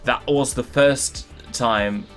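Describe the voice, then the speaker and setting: A man's voice: medium pitch, slow, fairly bright tone, soft background music. A man reading a story aloud and mocking it, exasperated, laughing and swearing. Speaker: channel host. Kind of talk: comedic dramatic reading and commentary.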